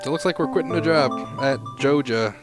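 A man streaming a farming game, joking and rambling in casual asides, over loud game music. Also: on the high side, fast talker. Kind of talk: casual gameplay commentary.

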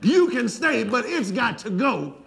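A male pastor preaching a sermon, building from low talk to shouted lines and laughing as he goes. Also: very animated, a little slow, gravelly, husky.

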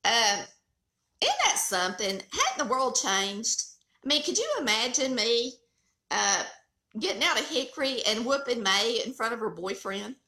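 A woman's voice: a little high, a little slow, echoey room. A middle-aged woman with a Southern accent, hosting a cooking channel and telling family stories in a folksy, chatty way. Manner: folksy, animated storyteller. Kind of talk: casual storytelling chat.

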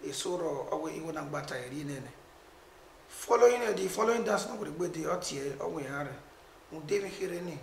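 A Nigerian-accented musician talks animatedly in casual conversation, mixing pidgin and Edo. His voice is gravelly, a little high and quick, recorded in an echoey room with slight background noise.

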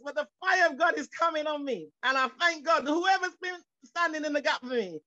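Woman preacher on a zoom call, high voice, fervent, keeps repeating and restarting, muffled lo-fi sound. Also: a little fast, sharp tone, no echo. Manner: fervent, repetitive, stumbling restarts, rising into exclamations. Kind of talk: sermon. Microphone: video call. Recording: dull lo-fi video call audio.

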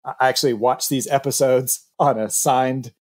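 A man's voice: mid-range voice, fairly even intonation, normal speed, breathy edge. A man who is a guest on a podcast, chatting with enthusiasm and rambling with restarts. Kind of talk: casual podcast chat.

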